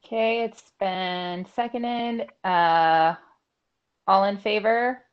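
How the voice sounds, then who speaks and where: A woman's voice: medium pitch, takes it slowly, clean tone. Woman chairing a meeting, dull sound. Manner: informal, with many fillers. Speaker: board chair.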